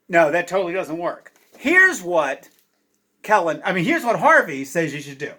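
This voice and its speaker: A man who writes children's books talks casually with young readers, his bright voice bouncing up and down. He sits high in pitch and reads aloud in a lively, chatty way, with plenty of fillers along the way. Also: moderate pace. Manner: animated, chatty, many uh fillers. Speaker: children's book author.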